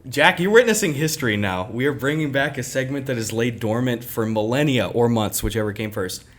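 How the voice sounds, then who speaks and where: A young man co-hosting a podcast in casual chat, an animated storyteller who acts out other people in his anecdotes. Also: mid-range voice, brisk. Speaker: podcast co-host.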